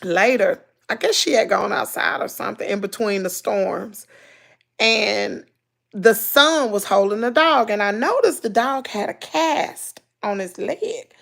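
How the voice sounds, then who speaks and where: A woman's voice: mid-range voice, a little slow, creaky. A woman from Mississippi with a Southern accent, hosting a casual livestream, telling stories with country slang and reading comments aloud. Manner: animated storytelling, loud laughter, country slang. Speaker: livestream host.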